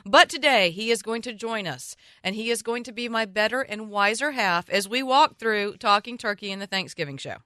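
Southern woman radio host, teasing, bright-toned, dry studio. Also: mid-range voice, expressive, normal speed, hardly any pauses, no room sound. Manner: joking, teasing. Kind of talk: chatty radio talk.

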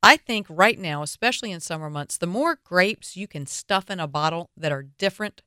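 A woman's voice: fairly low pitch, lively intonation, normal speed, sharp tone, smooth, dry recording, studio quality. A woman with a Southern US accent hosting a radio wine show, talking in a chatty, opinionated way with playful asides.

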